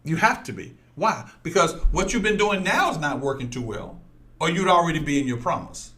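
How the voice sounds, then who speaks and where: A man preaches to his listeners in a fairly high, bright, pushed voice, brisk and animated. He tells personal stories, speaks straight to the audience, and hammers his points home through emphatic repetition.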